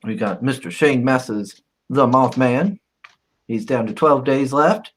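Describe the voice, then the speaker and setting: A man's voice: mid-range voice, slow. A man hosting a casual livestream, chatting and reading out crowdfunding campaign updates. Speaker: host.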